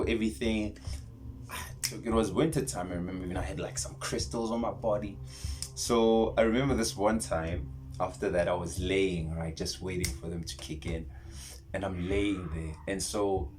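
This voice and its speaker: A South African man telling a personal story in casual vlogger talk, rambling and animated, dropping to whispers and repeating himself as he goes. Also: lowish voice, a little hiss or hum. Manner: rambling, animated retelling with whispered asides and many restarts. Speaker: spiritual vlogger.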